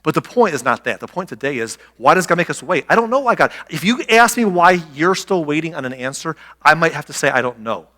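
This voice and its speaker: A middle-aged man preaching a sermon as a pastor, telling stories and acting out quotes with animated energy. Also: a little high, fast talker, few pauses, in a large hall. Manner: animated storytelling, acts out quotes. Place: church sanctuary.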